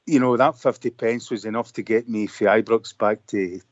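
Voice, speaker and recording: A man's voice: lowish voice, fairly even intonation, normal speed, no room sound. A Glaswegian man in his fifties calling in over a computer, chatting casually and rambling with many fillers. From Scotland. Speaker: caller. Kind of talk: casual phone-in chat. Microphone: computer call. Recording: dull lo-fi call line.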